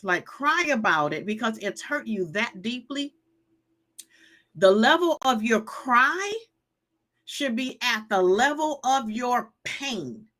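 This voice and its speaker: A woman's voice: on the high side, fairly bright tone. A woman in her fifties hosting a live stream, emphatic and preachy, repeating her points and reading viewer comments aloud. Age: 50s. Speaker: live show host giving healing advice.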